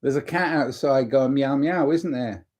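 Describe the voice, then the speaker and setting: Mellow-voiced man musing to camera. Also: mid-range voice, measured pace. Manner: rambling and reflective, retells stories and gives gentle advice. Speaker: vlogger. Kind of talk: casual talking-to-camera monologue.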